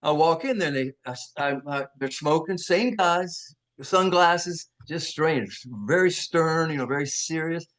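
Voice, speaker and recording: An older actor being interviewed, telling animated stories with many restarts and acting out the voices of people he quotes. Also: fairly high pitch, a little slow, few pauses. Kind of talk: anecdotal storytelling.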